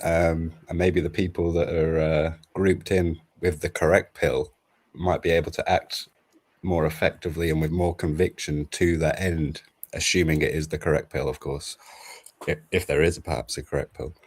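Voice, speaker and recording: A man's voice: very deep voice, flat delivery, normal speed, breathy edge. A man in a philosophical discussion, speaking tentatively and hedging his points.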